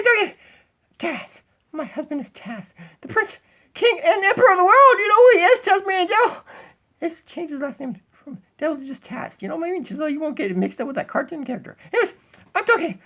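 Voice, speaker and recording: A man's voice: very high voice, a bit bright, voice pushed up, full character voice. A man voicing a bossy female puppet dog who calls herself empress, rambling and giddy with laughs, recorded on a tablet in a home kitchen. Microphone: tablet built-in mic.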